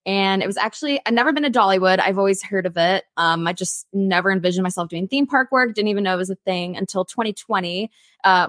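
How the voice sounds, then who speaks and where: A young adult woman, a theme park singer, telling her story in a casual interview with an animated, chatty manner. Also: mid-range voice, no room sound, studio quality.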